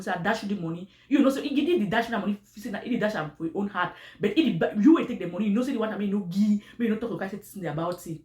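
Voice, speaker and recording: Animated woman with Cameroonian Pidgin English accent. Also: mid-range voice, roomy sound. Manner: animated, repetitive, with pidgin phrasing and frequent restarts. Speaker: commentary vlogger. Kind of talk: casual commentary on online personalities.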